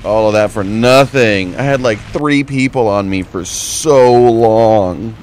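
A young man commentating his own flight game, muttering low play-by-play and yelping high and joking when things go wrong. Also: takes it slowly, slight background noise. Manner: excitable, jokey, yelps high when in trouble. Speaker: gaming streamer. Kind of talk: gameplay commentary.

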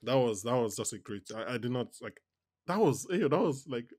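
A man co-hosting a podcast in a casual TV recap chat, animated, laughing often and restarting his sentences. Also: medium pitch, a little fast, no room sound, studio quality. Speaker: podcast co-host.

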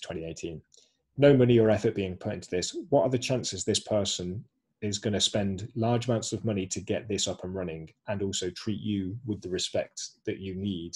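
A man's voice: low-pitched, breathy edge. A man presenting a webinar over a video call, explaining screenshots step by step. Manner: explanatory, walks through screenshots.

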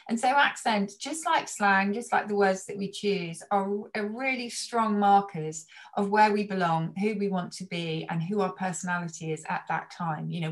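A middle-aged woman speaking as a guest in a casual chat, thoughtful and explanatory. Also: medium pitch. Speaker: guest language expert.

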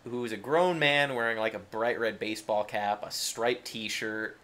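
A man's voice: fairly low pitch, a little slow, a bit bright. A man co-hosting a podcast, chatting casually about a movie with sardonic, crude humor and frequent swearing. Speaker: podcast co-host. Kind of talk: casual movie-review chat.

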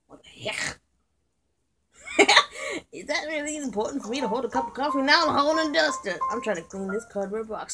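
A woman giving playful, joking commentary while playing a video game, often breaking into excited exclamations. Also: fairly high pitch, brisk, pauses often, background noise. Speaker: gaming video creator. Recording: clear game music behind voice. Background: game music.

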